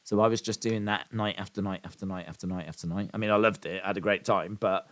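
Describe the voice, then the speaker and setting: A man's voice: fairly low pitch, fairly even intonation, quick pace, fairly bright tone, dry recording. Rambling man reading chat. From English Midlands. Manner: rambling, reads out and answers chat comments. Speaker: live stream host. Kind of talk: casual live-stream chat.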